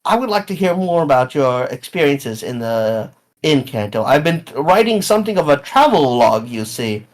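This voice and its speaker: A man's voice: mid-range voice, big pitch swings, moderate pace, lightly acted, low-quality recording. A man voicing a genteel, talkative elderly woman traveler in a tabletop game. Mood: prim.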